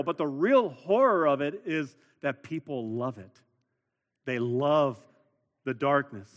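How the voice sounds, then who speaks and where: A man preaching a sermon as pastor, earnest, stressing words by repeating them and building to louder emphasis. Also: mid-range voice. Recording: long hall reverb.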